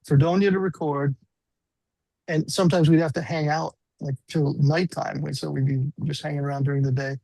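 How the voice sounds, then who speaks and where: A man's voice: on the high side, darkish tone, dry recording, low-quality recording. A man in his sixties, a guest musician, telling rambling, self-deprecating stories in a casual interview.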